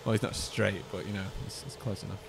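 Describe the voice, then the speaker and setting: A man's voice: on the low side, fairly even intonation, quick pace, creaky, background noise. A man co-hosting a horror let's play, playing the game and chatting in a jokey way with frequent laughs. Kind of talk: casual gaming banter.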